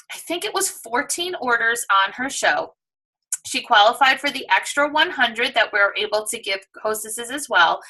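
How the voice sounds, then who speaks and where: A woman with a New York accent giving an enthusiastic, persuasive sales pitch to prospective sellers. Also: sharp tone, low-quality recording. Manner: enthusiastic, persuasive, acts out shoppers' voices. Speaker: direct sales presenter.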